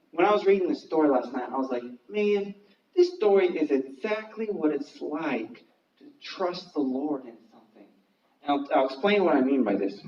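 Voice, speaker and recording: A man preaching to children with big, dramatic swings in his voice. He speaks high and unhurried. He is heard from a distance in a roomy space through a slightly muffled recording. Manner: animated and dramatic, acting out quotes. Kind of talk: Bible story sermon for children.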